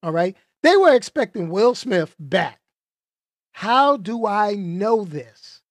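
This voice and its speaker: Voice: mid-range voice, sing-song, slow pace, no room sound, clean studio sound. A movie reviewer talking casually and emphatically, tossing out rhetorical questions and repeating points for effect.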